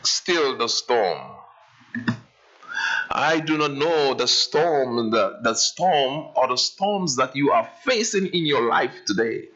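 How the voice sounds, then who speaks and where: Male pastor, sermon, slow deliberate delivery, animated pitch, dramatic rises and drops, muffled lo-fi livestream. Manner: dramatic preaching, swinging from raised to hushed. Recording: dull lo-fi church livestream.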